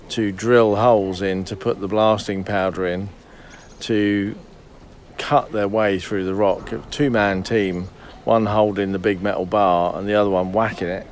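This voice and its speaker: Slow, hesitant man vlogging. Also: fairly low pitch. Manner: hesitant, many fillers and restarts. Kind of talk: casual chat.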